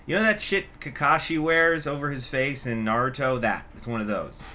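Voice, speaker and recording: A man's voice: mid-range voice, moderate pace, bright, forceful tone. A man hosting a gaming video, reading story text aloud with casual, profane asides. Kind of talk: let's play with story reading.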